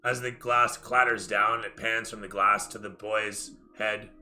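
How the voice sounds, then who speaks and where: Male game master, clear bright tone, lowish pitch, cinematic second-person narration, music under. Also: little pitch movement, a little slow. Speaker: dungeon master.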